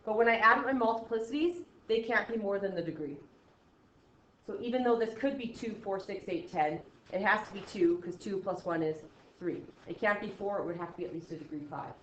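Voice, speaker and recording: A woman teaches a math lesson in class, her medium-pitched voice fairly quick and a bit bright. She keeps it chatty, often checking in with "okay?" and acting out how students react. The recording is slightly dull and roomy, with a little hiss or hum.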